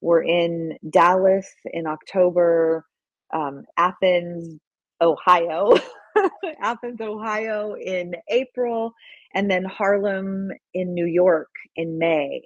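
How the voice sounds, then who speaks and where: A woman with a slightly low voice tells an animated story as an interview guest, often acting out other people's lines. The sound is dry and close, with no room around it. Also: slow, no echo, lo-fi sound. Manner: excitable, acts out quoted dialogue. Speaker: guest filmmaker.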